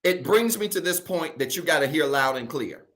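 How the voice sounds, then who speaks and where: A man's voice: fairly high pitch, animated, moderate pace, a bit bright. A middle-aged man from Virginia, preaching a sermon as pastor. He is emphatic and repeats key lines for his congregation.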